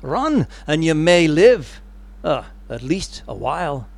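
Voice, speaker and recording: A preacher putting on a rousing Scottish rebel leader. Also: male voice, a little high, sing-song, takes it slowly, gravelly, no room sound, exaggerated voice. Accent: Scottish, put on badly. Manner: rousing battle speech building to a shout. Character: fierce Scottish rebel leader rallying his army.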